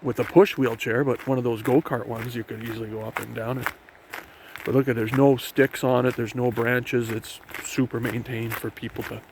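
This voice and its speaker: Gravelly man vlogging on a trail. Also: medium pitch, level tone, moderate pace. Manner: rambling, with frequent fillers and restarts. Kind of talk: casual walking tour narration. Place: outdoor forest trail by a river. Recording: noisy outdoor sound with wind and river.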